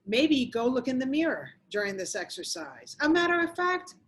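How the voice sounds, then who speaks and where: A middle-aged woman talks straight to the camera in a motivational address, her voice sitting a little higher than most. She leans hard on key words and repeats them for emphasis, coaching the listener directly. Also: big pitch swings, normal speed. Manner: emphatic and repetitive, speaking straight to the viewer. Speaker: motivational speaker on domestic violence.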